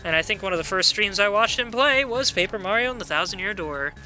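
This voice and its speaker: A man's voice: sits high, animated, fast, pushed and bright, faint music behind. A man commentating on his own video game playthrough in a chatty, casual way, sometimes reading the on-screen text aloud. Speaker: gameplay commentator. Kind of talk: let's play commentary.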